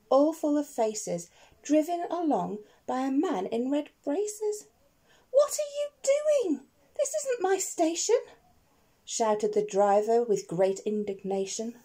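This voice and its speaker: Reading a rhyming picture book to kids, a teacher with a fairly high, slightly rough voice keeps things playful and expressive. She poses questions to the children as she goes.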